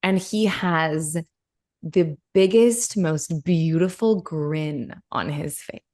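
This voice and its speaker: Woman podcast host, slightly low voice, animated storyteller who acts out quotes and swears casually. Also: takes it slowly.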